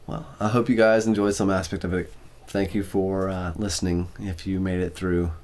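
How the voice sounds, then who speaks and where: Man, lowish voice, ASMR story reading, weary, apologetic, trips on words. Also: flat delivery, moderate pace, a little mellow. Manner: apologetic, tired, stumbles over words. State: exhausted.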